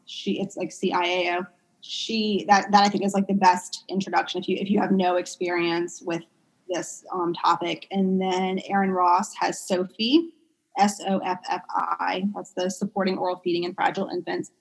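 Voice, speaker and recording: A woman's voice: lowish voice, normal speed, vocal fry. Chatty woman, pediatric speech therapist. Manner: chatty, animated storytelling with many fillers. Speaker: pediatric speech-language pathologist guest. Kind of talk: casual conversational interview.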